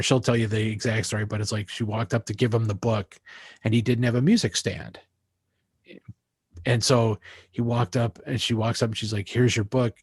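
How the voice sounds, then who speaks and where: A man guest in a casual interview, telling animated anecdotes and acting out the voices of people he quotes, with many restarts. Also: fairly low pitch, breathy edge, no echo, studio quality. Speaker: interview guest, jazz musician.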